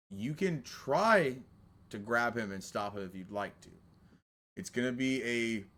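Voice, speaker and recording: A man narrating as game master of a tabletop role-playing game, slow and descriptive, with casual asides. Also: fairly low pitch, sharp tone.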